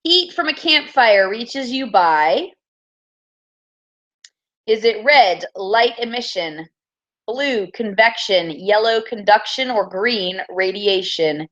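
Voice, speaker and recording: A woman teacher running a classroom quiz review, upbeat and teasing, reading each answer choice slowly and clearly. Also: mid-range voice, expressive, a bit bright, dull audio.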